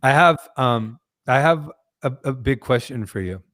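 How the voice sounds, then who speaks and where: A man hosting a podcast, speaking in slow, earnest spiritual musings. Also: mid-range voice, lively intonation, a bit bright. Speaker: host.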